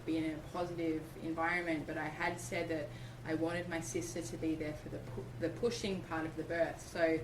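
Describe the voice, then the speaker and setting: A middle-aged woman from Australia telling a personal story in an interview, animated and acting out what people said. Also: sits low, a little fast, hardly any pauses. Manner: animated, acts out quoted speech. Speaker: interview guest. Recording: roomy, distant mic, background noise.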